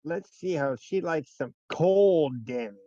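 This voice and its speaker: Laid-back man with a lively, mellow voice. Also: fairly high pitch, unhurried, no echo, muffled recording. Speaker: player. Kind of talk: casual tabletop game chat.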